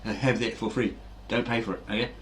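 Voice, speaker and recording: A man's voice: fairly low pitch, steady tone, fast, a bit bright, slight background noise, lightly acted. A man voicing a shop clerk who can't believe what he is seeing. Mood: amused. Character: amazed male shop clerk.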